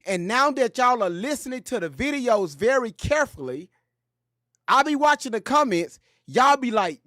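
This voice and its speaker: Man, commentary host, high-pitched, very lively, joking, profane slang, dry close sound. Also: moderate pace, no echo. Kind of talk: casual commentary.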